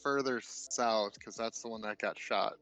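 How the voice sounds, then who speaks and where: A low, gravelly man's voice, talking casually and joking as a player at a tabletop game. Faint music sits under the talk. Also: measured pace, fairly bright tone, rough recording.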